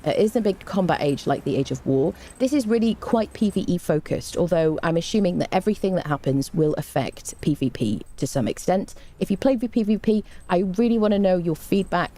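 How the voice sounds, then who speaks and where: A British woman streaming a game live, chatting warmly with viewers, greeting them and reading patch notes with frequent ums and restarts. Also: on the low side, lively intonation, fairly quick, few pauses.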